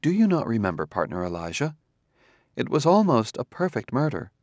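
An actor playing a calm, precise male humanoid robot detective who speaks in a measured, formal way. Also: mid-range voice, no echo. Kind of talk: audiobook character reading.

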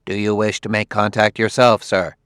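A man's voice: fairly low pitch, moderate pace, dry recording, studio quality, close to an everyday voice. A man doing an emotionless servant robot. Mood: flat. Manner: flat, clear, without hesitation. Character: obedient male service robot, emotionless.

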